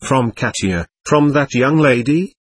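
A man's voice: medium pitch, animated, measured pace, husky, no echo. A man voicing a passionate, impulsive young woman in an audiobook, pleading and emotional. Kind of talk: audiobook narration.

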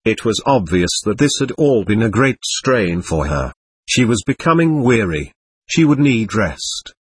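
Husky, expressive male storyteller. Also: lowish voice, unhurried, no echo. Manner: gentle, expressive first-person telling. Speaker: narrator. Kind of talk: storybook reading aloud.

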